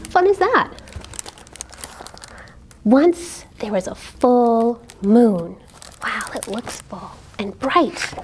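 A woman librarian reading a picture book aloud to children, expressive, dropping to whispers for suspense and asking the kids questions. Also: high-pitched.

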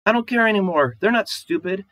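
A man reading aloud and voicing a distraught young wife, shrill and aggrieved, pleading through tears. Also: lively intonation, brisk, fairly bright tone, rough recording.

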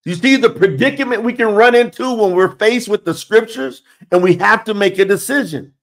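A Bible teacher, a man with a high-pitched, slightly bright voice, reads scripture verses aloud at a moderate pace. He stresses them emphatically and poses rhetorical questions.

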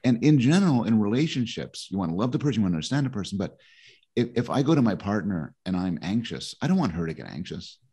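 A man's voice: on the low side, sing-song, quick pace, dark tone, breathy edge. A middle-aged man explaining his ideas in conversation, thoughtful and prone to stammering restarts. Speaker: guest author.

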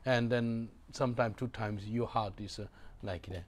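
A man's voice: lowish voice, steady tone, normal speed. A man preaching a sermon in non-native English with broken grammar. He is emphatic, repeats his phrases and asks the congregation to answer back.

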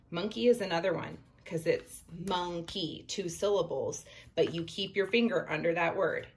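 A woman teacher giving a reading lesson to young children, reading a book aloud word by word in an encouraging way. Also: on the low side. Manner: encouraging, slow read-aloud pointing at each word.

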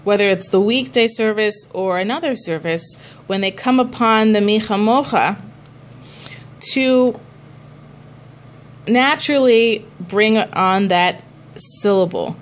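A woman's voice: mid-range voice, a little slow. A woman cantor teaching a class on chanting prayers, explaining patiently and chanting short examples.

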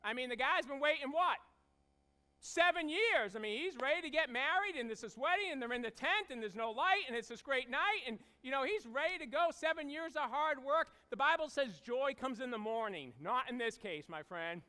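High-pitched, bright-voiced male preacher. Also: moderate pace, clear, resonant tone. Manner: animated storytelling, acting out voices. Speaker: pastor. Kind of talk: sermon. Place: church sanctuary.

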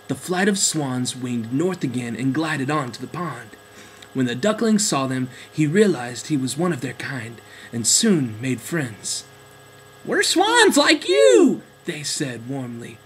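A man narrating a children's storybook in a gentle, expressive way. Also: medium pitch, a little slow, a little hiss or hum, rough recording.

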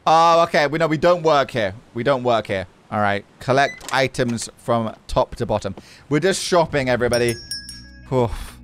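A man's voice: mid-range voice, normal speed, a little hiss or hum. A man giving casual, sarcastic, joking commentary on a horror game. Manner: animated, joking, swears, sarcastic. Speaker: gaming creator.

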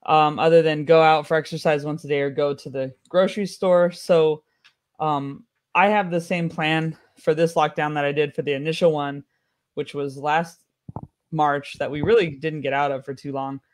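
American guy doing a stand-up set, kinda high voice, dry offhand jokes. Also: fairly even intonation, normal speed. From United States. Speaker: stand-up comedian.

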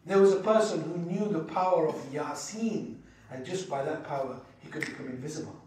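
A man preaches in a fairly high voice. He tells stories with animated, acted-out quotes. His voice rings through a very echoey hall, picked up from some distance away. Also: a little fast, slight background noise. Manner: animated storyteller who acts out quoted voices and laughs. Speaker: Islamic teacher. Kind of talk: sermon with told anecdotes.

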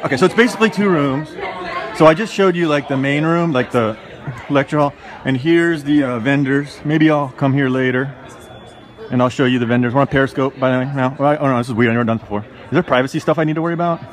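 Walking through a crowded conference hall while streaming live from the phone in his hand, a man with a mid-range voice chatters casually, rambling, flustered and narrating his own moves. He sounds unsure of himself, and loud crowd chatter runs behind him.

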